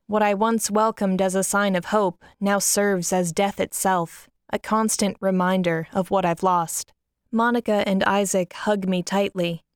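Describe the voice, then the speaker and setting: A woman narrates a first-person story in a soft, mournful reading voice. Her tone is smooth and clear. The recording is dry and close to the mic. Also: mid-range voice, steady tone, measured pace, dry recording.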